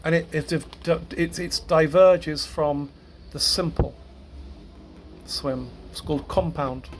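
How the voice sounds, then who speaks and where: A man teaching a grammar lesson to a class, halting, repeating words and correcting himself as he goes. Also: on the high side, slight background noise.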